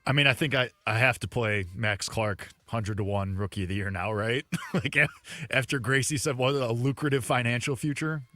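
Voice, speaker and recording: Bright-voiced man chatting about bets. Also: medium pitch, normal speed, no echo, soft background music. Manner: loose, chuckling, lots of fillers. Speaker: sports betting panelist. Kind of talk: casual betting talk.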